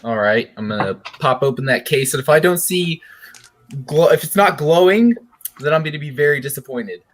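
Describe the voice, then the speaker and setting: A man's voice: fairly high pitch, lively intonation, moderate pace, faint music behind. A man playing in a tabletop game, chatting casually and swearing a lot. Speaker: player.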